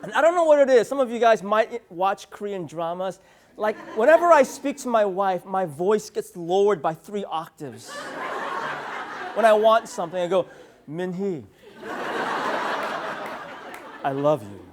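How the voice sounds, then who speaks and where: A man's voice: high-pitched, expressive, normal speed, crowd noise. A man in his thirties from San Francisco, giving a humorous conference keynote with storytelling and playful asides to the audience. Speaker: keynote speaker. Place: conference hall.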